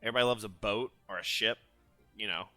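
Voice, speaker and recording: Male stream host, bright and upbeat, dry close-mic sound. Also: fairly low pitch, fast talker, no echo, soft background music. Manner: energetic, hyping up the chat. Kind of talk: casual gaming stream chat.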